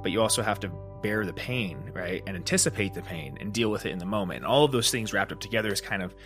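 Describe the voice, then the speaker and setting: A man hosting a solo podcast, telling a story in a rambling, casual way, full of fillers and restarts, and lively when he acts out the moments. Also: on the low side, quick pace, soft background music. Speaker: podcast host.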